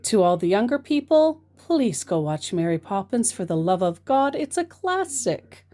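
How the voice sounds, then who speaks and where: A woman telling stories of her chats with scammers in a casual vlog, wry and joking, with many pauses and fillers. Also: medium pitch, big pitch swings, mellow.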